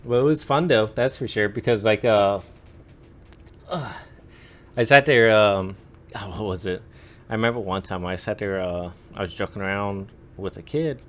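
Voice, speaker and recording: A man's voice: fairly low pitch, moderate pace, a bit bright. A man in his twenties telling stories on a podcast in a casual, rambling way, full of "like" and "uh". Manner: rambling, lots of "like" and "uh" fillers. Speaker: podcast storyteller. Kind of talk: casual chat.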